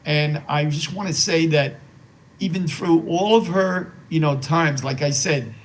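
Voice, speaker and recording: A man's voice: a little high, a little slow, a little hiss or hum, rough recording. A man in his eighties, a guest in an interview, telling stories in a rambling, heartfelt way and often repeating himself with "you know". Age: 80s. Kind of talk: heartfelt conversational storytelling.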